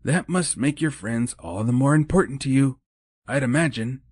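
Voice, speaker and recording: A man voicing Mrs. Claus in an audiobook, a cheerful, encouraging older woman with a brisk manner. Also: medium pitch, a little mellow, breathy edge, dry recording, clean studio sound, pitched above the performer's own voice, natural voice. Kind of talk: audiobook character voice.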